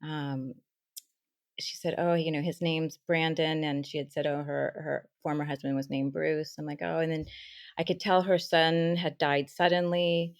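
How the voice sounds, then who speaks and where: A woman with a low voice on a close, dry podcast mic. She tells a story with lively turns, dropping into soft asides and acting out the voices of the people she met. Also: normal speed, dry recording. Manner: animated storyteller, acts out quoted dialogue, soft asides. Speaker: spiritual teacher and medium, guest.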